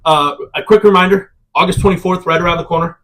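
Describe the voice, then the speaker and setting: A man's voice: high-pitched, steady tone, quick pace, crowd noise. A man co-hosting a casual podcast chat, a parent who talks in an upbeat, rambling way with plenty of fillers. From Iowa, United States. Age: adult with children. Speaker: podcast co-host.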